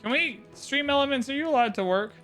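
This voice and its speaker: Excitable high-voiced man streaming a game. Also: fast, soft background music. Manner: excitable, theatrical, swings between shouting and mumbling. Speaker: livestream host commentating an AI game tournament. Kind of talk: live game commentary.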